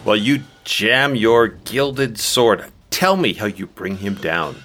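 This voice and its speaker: Low-voiced man running a tabletop game. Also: animated, slow, a bit bright, soft background music. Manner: descriptive, laughs easily mid-narration. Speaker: dungeon master.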